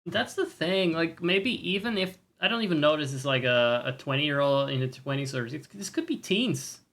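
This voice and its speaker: A man's voice: fairly high pitch, lively intonation, moderate pace, a bit bright. A man streaming live and reacting to a game trailer, ranting with opinions, swearing and mocking voices.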